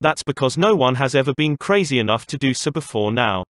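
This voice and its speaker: A man's voice: medium pitch, expressive, brisk, no room sound, clean studio sound, lightly acted. A man doing a pragmatic lord. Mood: matter-of-fact.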